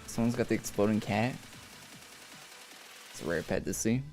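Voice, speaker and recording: A man's voice: fairly low pitch, normal speed, a little mellow. A young man streaming a game, rambling through school stories in casual chat. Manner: rambling storytelling with laughs. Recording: faint music behind.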